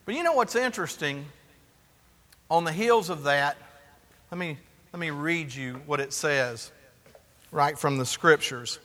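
High-voiced, bright preaching man. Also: a little slow, pauses often, in a large hall. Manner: animated preaching, rhetorical questions to the congregation. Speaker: pastor. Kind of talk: sermon.

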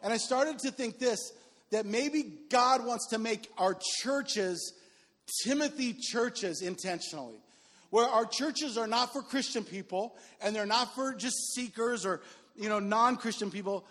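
A middle-aged male pastor preaching a sermon in an animated, conversational way with joking asides. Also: very high-pitched, unhurried. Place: church sanctuary. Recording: reverberant hall with faint music.

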